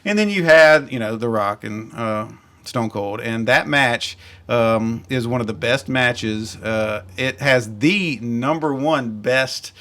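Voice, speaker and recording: A man's voice: medium pitch, slow, fairly bright tone. A man hosting a podcast, chatting casually and with enthusiasm, rambling and correcting himself as he goes. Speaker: podcast host. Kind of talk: casual chat.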